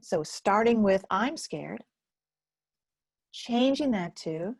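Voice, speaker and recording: A woman teaches a live self-care webinar, reading out the chat as she goes. She speaks slowly and gently, often sinking into a soft near-whisper. Her voice has a husky, gravelly texture, picked up dry and close on a computer mic. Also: on the high side, expressive, no echo.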